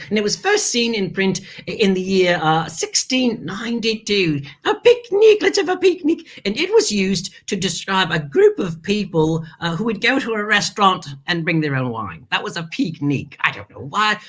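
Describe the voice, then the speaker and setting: Playful, theatrical woman host with lively pitch. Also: slightly rough. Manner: theatrical, playful, chatty asides; addresses viewers as darling. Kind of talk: hosting a kids' learning show.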